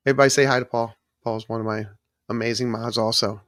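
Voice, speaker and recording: A man's voice: medium pitch, fairly even intonation, fast, a bit bright, no room sound, clean studio sound. A man hosting a live stream, chatting casually and rambling as he thanks viewers in the chat. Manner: rambling, restarts sentences often and thanks chat viewers by name. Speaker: livestream host.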